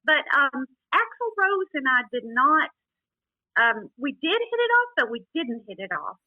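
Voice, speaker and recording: A woman's voice: high-pitched, very animated, unhurried, dry recording, narrow, tinny audio. A woman from Texas, a book author and podcast guest, telling backstage stories in a chatty way with frequent laughs and many "you know"s. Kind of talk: casual storytelling interview.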